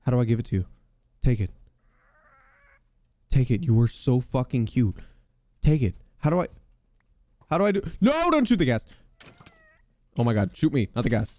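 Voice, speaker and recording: A young man hosting a podcast, giving loud, excitable gaming commentary with casual swearing. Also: medium pitch, brisk, pauses often, dry recording. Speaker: podcast host.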